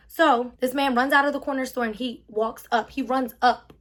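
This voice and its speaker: A young woman telling a storytime vlog, emphatic and animated, acting out the quotes. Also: on the high side. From Philadelphia. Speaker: vlogger.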